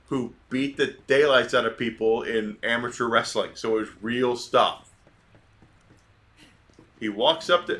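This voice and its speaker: A man streamer from Georgia tells a long story in a casual, rambling way while he plays. His voice sits at a middle pitch and sounds bright and forceful. He goes off on tangents with plenty of fillers.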